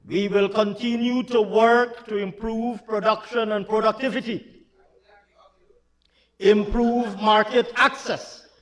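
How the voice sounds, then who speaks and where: A man delivering a budget speech in a parliament chamber, emphatic and repetitive, at times shouting. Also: high voice. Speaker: finance minister. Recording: long hall reverb in a large chamber.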